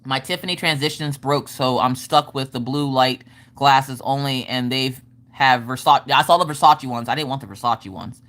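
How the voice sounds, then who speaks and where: Low-voiced bright woman chatting casually. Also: moderate pace, hardly any pauses. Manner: animated, swears casually, laughs often. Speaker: livestream host. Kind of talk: casual chat storytelling.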